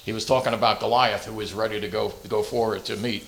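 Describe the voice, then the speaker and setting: A man preaching a relaxed, conversational sermon, halting often with fillers and self-deprecating jokes. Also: fairly low pitch, a little hiss or hum.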